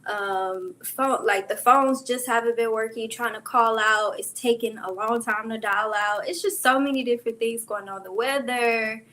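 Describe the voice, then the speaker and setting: A woman on a casual talk show, speaking in a measured, thoughtful way with hesitant fillers. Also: a little high, fairly even intonation, pushed and bright.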